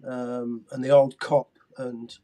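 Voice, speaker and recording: A man's voice: medium pitch, flat delivery, slow pace, warm tone. A man in his sixties telling stories as an interview guest, eager and tripping over his words with many restarts. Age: 60s. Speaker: guest, former footballer. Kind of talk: casual interview storytelling.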